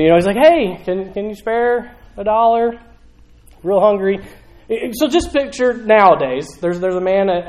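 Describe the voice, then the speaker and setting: A man's voice: high-pitched, warm tone, low-quality recording. A man preaching a casual sermon, conversational, acting out little voices as he tells the story.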